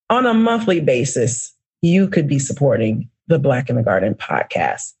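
A woman hosting a podcast in a lively, playful, slangy way, with her voice swinging high for emphasis. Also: slightly rough. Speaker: podcast host. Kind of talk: casual podcast chat.

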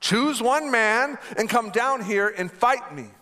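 A man voicing a proud male giant warrior who shouts taunts across a battlefield. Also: very high voice, slow, pitched above the performer's own voice, full character voice. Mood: taunting. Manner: taunting, boastful.

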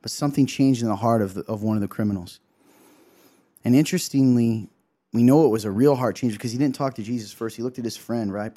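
A man's voice: medium pitch, fast talker, warm tone. Earnest man preaching a devotional talk. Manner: earnest, emotional, acts out quotes, many "right?" asides. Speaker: co-host sharing a devotional. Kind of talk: heartfelt sermon-style talk.

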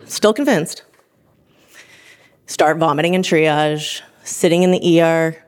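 A woman in her thirties, an emergency room provider, telling her own story in an interview, lively and animated. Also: low-pitched, slow. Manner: lively, animated retelling with laughs and acted-out quotes. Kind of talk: personal story told in interview.

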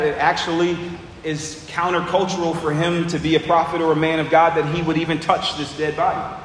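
A man with a high voice preaches an earnest sermon, walking his listeners through a scripture passage. His words ring out into a large, echoey sanctuary with a long reverb tail. A faint hum of room ambience sits underneath. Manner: earnest expository preaching, reads scripture then explains. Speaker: pastor.

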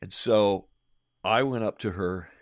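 Low-voiced man telling a workplace story. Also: a little slow, no echo, studio quality. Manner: rambling, restarts and acts out quotes. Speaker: podcast host, leadership trainer. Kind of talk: conversational storytelling.

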